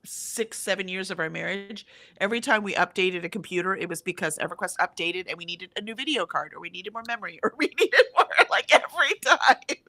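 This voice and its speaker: A woman's voice: medium pitch, lively intonation, a little fast, sharp tone, no room sound. A middle-aged woman co-hosting a casual livestream chat, rambling, restarting sentences and laughing often. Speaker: co-host of a livestream. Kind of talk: casual chat, reading chat comments aloud.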